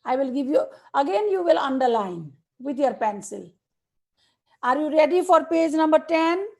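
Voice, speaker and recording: A woman with a Nepali accent teaching young children in an online class over a video call, slowly dictating words one by one and repeating them. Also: high voice, sing-song, creaky, a little mellow. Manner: slow, repetitive dictation to students.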